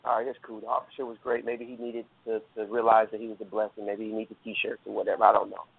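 Guy with a gravelly voice rambling through a story, tinny phone line. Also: fairly low pitch, monotone, fast talker, no echo. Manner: earnest, rambling with many fillers and restarts. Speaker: guest telling a personal story. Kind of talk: casual storytelling.

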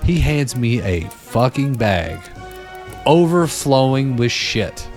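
A man's voice: mid-range voice, takes it slowly, faint music behind. A young man in casual chat, telling a story with lots of swearing and acting out the voices of the people in it. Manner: animated, swearing, acts out quoted voices.

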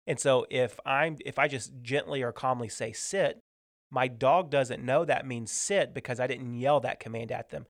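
A man's voice: mid-range voice, moderate pace, no echo, studio quality. A man co-hosting a casual business chat, explaining his ideas at length with examples.

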